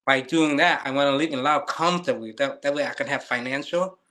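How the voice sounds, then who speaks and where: A man's voice: medium pitch, fairly quick, sharp tone. A man in his fifties whose first language is Lao, speaking earnest, slightly non-native English in a casual chat. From Thailand. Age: 50s.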